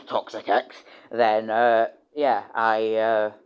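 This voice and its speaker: A man's voice: extremely slow, smooth, dull audio. A man livestreaming in a casual rambling chat. He swears freely and keeps stopping and restarting his sentences. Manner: rambling, full of restarts and repeated words; animated, with loud excited jumps in pitch.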